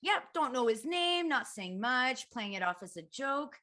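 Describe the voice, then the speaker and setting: Brief: lively woman guest, self-mocking comic storyteller, sits a bit high in pitch. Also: unhurried. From Canada. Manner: animated, self-mocking, swears freely, laughs often. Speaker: podcast guest. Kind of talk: casual comedic chat.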